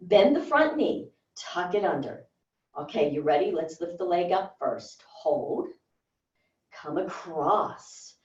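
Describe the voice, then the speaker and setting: Woman cueing a slow, roomy workout. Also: fairly low pitch, expressive. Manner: encouraging, gives short counted movement cues. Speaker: fitness instructor. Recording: roomy, distant and dull.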